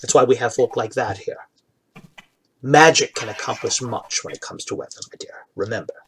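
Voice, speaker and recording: A man voicing an older patron, a calm father who speaks softly and reassuringly. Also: medium pitch, a little hiss or hum, close to an everyday voice. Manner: soft, reassuring, unhurried.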